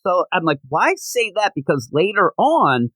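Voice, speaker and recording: A man co-hosting a podcast, talking casually and animatedly about comic books, often slipping into quick mocking quotes of characters. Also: high voice, very animated, a bit bright, dry recording, poor audio. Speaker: podcast co-host. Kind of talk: casual comic book discussion.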